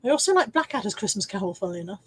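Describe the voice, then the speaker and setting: A woman's voice: mid-range voice, sing-song, rapid-fire, breathy edge. An English woman hosting a casual live stream from home, chatting and teasing herself as she reads out viewer comments.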